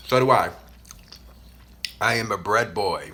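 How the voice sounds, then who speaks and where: Loud, playful Puerto Rican man. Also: lowish voice, unhurried, pauses often, a little hiss or hum. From Puerto Rico. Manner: loud, playful and animated, with frequent hums of enjoyment. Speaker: mukbang vlogger. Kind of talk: casual chat while eating.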